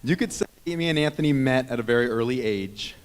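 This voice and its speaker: A man's voice: medium pitch, a little fast, clean tone. Heartfelt man toasting in an echoing hall. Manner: heartfelt, rambling, self-teasing. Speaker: best man giving a wedding toast. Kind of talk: wedding speech. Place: wedding reception hall. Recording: long reverb of a reception hall.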